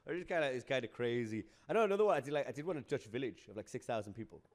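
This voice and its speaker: A young man talks fast and animatedly on a comedy podcast, tumbling from one gig story to the next. He swears freely and keeps an easy, mid-pitched voice. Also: animated. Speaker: guest comedian. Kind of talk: casual podcast chat.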